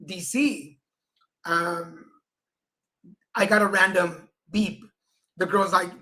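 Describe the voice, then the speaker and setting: A man's voice: high-pitched, fairly even intonation, slow, long pauses, bright, forceful tone. A man co-hosting a casual livestream chat show, telling stories and acting out the people in them. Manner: chatty storyteller, acts out quoted people. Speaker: co-host.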